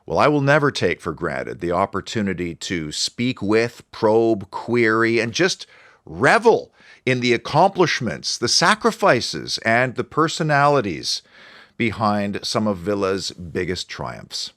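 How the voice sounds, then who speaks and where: A man's voice: on the low side, big pitch swings, measured pace, a bit bright, dry recording, clean studio sound. A man from Canada hosting a podcast, with an earnest, enthusiastic manner of interviewing. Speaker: podcast host. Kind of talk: scripted intro, then interviewing.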